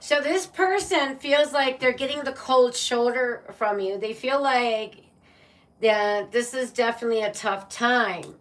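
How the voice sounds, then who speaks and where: A woman's voice: a little high, measured pace, distant mic. A woman giving a casual live-streamed tarot reading, chatty and playful, often laughing and calling her viewers "my love" and "baby". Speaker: tarot reader.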